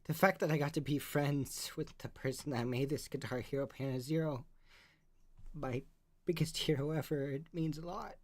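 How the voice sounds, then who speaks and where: A music producer in casual chat, close to tears, emotional and apologetic, talking in halting bursts. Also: male voice, fairly high pitch, steady tone, a little mellow.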